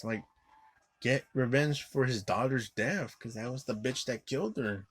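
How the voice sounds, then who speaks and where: A man's voice: medium pitch, a little slow, slight background noise. A man recapping a film in a profane, rambling rant, full of "like" and flaring into angry outbursts. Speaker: movie reviewer.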